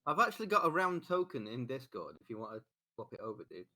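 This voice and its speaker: A man's voice: medium pitch, big pitch swings, fast, pushed and bright. A man chatting casually as a player in an online tabletop game.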